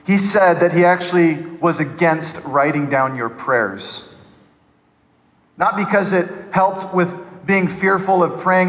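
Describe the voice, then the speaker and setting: A man preaching a sermon to his church, animated and conversational, acting out people's voices to poke fun. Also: fairly high pitch, big-room sound, poor audio. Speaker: pastor.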